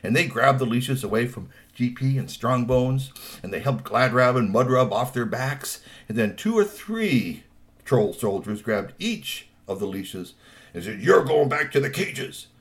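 A man spinning a children's tale with a swooping, lively voice that rises and falls. He tells it playfully and breaks in with chatty asides. His pitch sits in a middle range. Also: unhurried. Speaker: storyteller. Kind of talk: told children's story.

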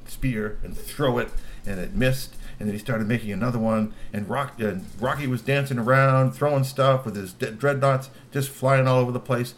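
A man's voice: medium pitch, steady tone, normal speed, a little hiss or hum. A man telling a long story with exclamations, laughing asides and repeated words. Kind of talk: animated oral storytelling.

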